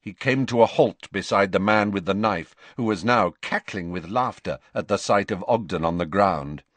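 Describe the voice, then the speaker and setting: A man narrating an audiobook in a measured, expressive storytelling voice. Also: fairly low pitch, no echo. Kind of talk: scripted narration.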